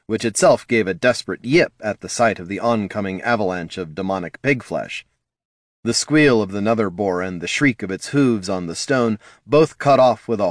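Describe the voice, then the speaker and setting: Man narrating a fantasy audiobook, low voice, dry close sound, measured. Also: no room sound. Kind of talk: scripted narration.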